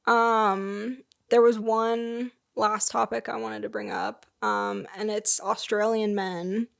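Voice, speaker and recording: A woman's voice: medium pitch, fairly even intonation, takes it slowly, creaky, smooth. A young woman co-hosting a podcast in casual, playful chat, full of "like" and "um". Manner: playful, joking, lots of "like" and "um". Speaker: podcast co-host.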